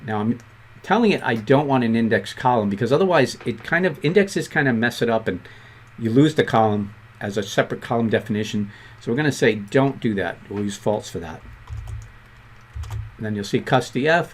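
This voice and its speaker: Casting note: fast-talking Boston man, mid-pitched, casual coding instructor walking through a screen tutorial. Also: expressive. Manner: quick-talking, conversational, self-deprecating asides. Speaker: programming instructor.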